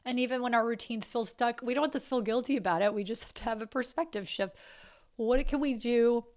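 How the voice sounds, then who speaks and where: A podcast host from South Carolina talks fairly quickly in a voice on the high side with a darkish tone. She's heartfelt and emotional in a casual way, and she swears now and then.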